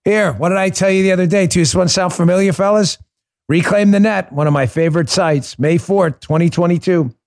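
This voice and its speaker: A man's voice: sits high, brisk, darkish tone, no echo, studio quality. A middle-aged man hosting a podcast, delivering a combative political monologue full of sarcasm and rhetorical questions. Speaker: podcast host.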